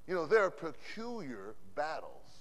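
A man preaching a sermon as pastor. He drops "amen" between phrases and swings from loud declarations to hushed asides. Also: fairly high pitch, big pitch swings, moderate pace. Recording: long hall reverb from a conference sanctuary.

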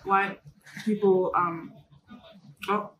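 A woman co-hosting a podcast, talking casually over a meal in a soft, hesitant way that often trails off. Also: mid-range voice, fairly even intonation, drawn-out words, a little hiss or hum, rough recording. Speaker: podcast co-host. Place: fast food restaurant.

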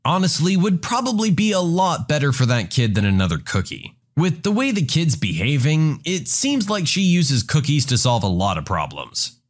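Sarcastic male story narrator, very animated pitch. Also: moderate pace, hardly any pauses. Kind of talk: scripted narration of a submitted story.

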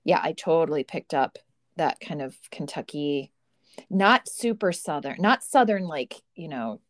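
An American woman co-hosting a podcast in relaxed casual chat. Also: low voice, unhurried. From United States. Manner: relaxed, conversational, many fillers. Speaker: podcast co-host.

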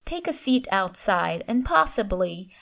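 A frosty, exacting professor speaks in crisp, clipped, formal sentences, as a woman reading a story puts her on. The storybook voice has a mid-pitched tone. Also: sing-song, unhurried, fairly bright tone, full character voice. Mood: stern. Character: stern, curt female professor, middle-aged.

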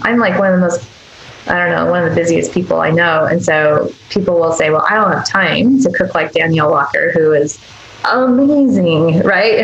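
Earnest woman with a gravelly voice. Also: medium pitch, echoey room, highs cut off. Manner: earnest, emphatic, acts out tender quoted asides. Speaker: guest doctor. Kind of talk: podcast interview conversation.

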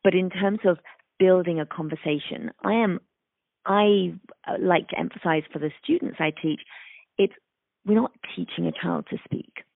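A woman's voice: fairly low pitch, moderate pace, gravelly, no echo. A woman working as a speech-language pathologist, explaining thoughtfully in an interview and acting out little examples in a sing-song voice. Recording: dry, phone-like remote call audio.

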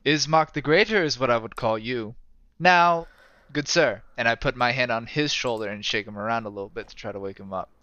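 A man at a tabletop game, jokey and mock-formal in how he talks. His voice is bright and forceful. The recording is dry and somewhat muffled. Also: medium pitch, fairly quick, no echo. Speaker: player. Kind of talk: casual tabletop play with mock-formal speech. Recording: dry, slightly muffled mic.

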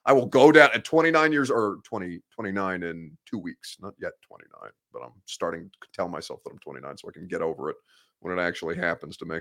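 Young male sports-talk host, blunt and candid, rambling, lowish voice. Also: lively intonation, fast, a bit bright. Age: 20s. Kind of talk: casual live show chat, reading viewer comments. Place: office.

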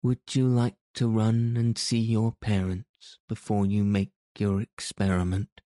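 A blustering, quick-tempered old king, read by a man in a storybook audiobook. The voice sits low and unhurried, dark and mellow, and the sound is dry and close. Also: completely flat delivery, no room sound, close to an everyday voice. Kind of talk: audiobook character reading.

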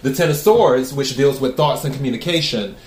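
A man giving a tarot reading to his viewers. He talks in a calm, even way and asks the cards the same question again and again. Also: mid-range voice, brisk, echoey room. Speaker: tarot reader.

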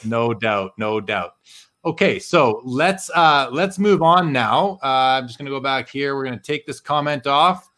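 A man's voice: medium pitch, lively intonation, unhurried, pushed and bright. A man hosting a live interview show in a friendly, conversational manner. He asks questions and reads out viewer comments. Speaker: host.

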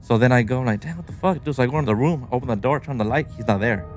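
A man co-hosting a podcast, telling a creepy story in a relaxed, rambling way with casual swearing. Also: medium pitch, very fast, soft background music. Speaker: podcast co-host.

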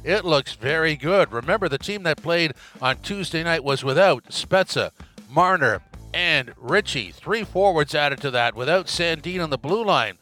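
Male podcast host, punchy and emphatic, bright forceful tone, faint music bed. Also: fairly high pitch, normal speed. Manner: energetic, emphatic catchphrase delivery. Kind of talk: upbeat solo podcast segment.

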